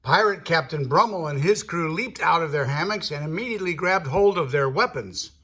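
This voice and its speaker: An older man reading a picture book aloud to children as a grandfather storyteller, playful and animated. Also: on the high side, a little fast, slightly rough.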